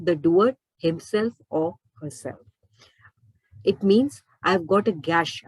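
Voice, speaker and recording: A woman's voice: on the low side, slightly rough, no room sound, low-quality recording. A woman teaching a grammar lesson, asking rhetorical questions and restating each point. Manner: repeats and rephrases points, asks rhetorical questions. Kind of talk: explaining lesson.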